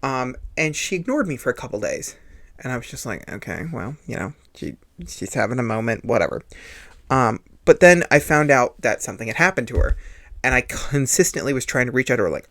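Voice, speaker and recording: A man's voice: mid-range voice, lively intonation, a little fast, fairly bright tone. A man hosting a podcast, telling a personal story in an earnest, confessional way, often repeating himself for emphasis. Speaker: podcast host.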